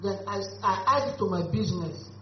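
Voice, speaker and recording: A woman's voice: mid-range voice, fairly even intonation, a little fast. Earnest woman in echoey room. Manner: earnest, emphatic, broken grammar. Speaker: beneficiary giving testimony. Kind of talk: earnest spoken testimony. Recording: echoey room, dull lo-fi audio, faint hum.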